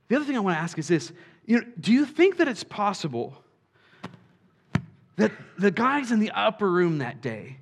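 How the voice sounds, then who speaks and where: A man preaching a sermon, animated, swinging from quiet asides to shouts and acting out quoted voices. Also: sits high, normal speed, pauses often. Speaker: pastor.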